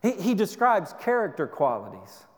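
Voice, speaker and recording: A man's voice: high voice, wildly swooping pitch, moderate pace. A man pastor preaching a sermon in a church, earnest and exhorting, often restarting his sentences. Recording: long reverb of a hall.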